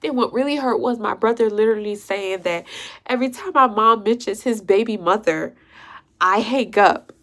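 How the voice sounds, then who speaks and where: A woman's voice: medium pitch, moderate pace, fairly bright tone. A young woman vlogging an emotional story, upset, repeating herself and sometimes dropping to a whisper.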